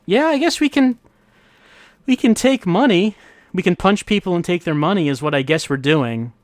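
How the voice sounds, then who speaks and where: This let's-play host has a high-pitched, animated voice at a moderate pace. He thinks aloud while playing, wry and musing in his casual commentary, over faint game music and with no echo.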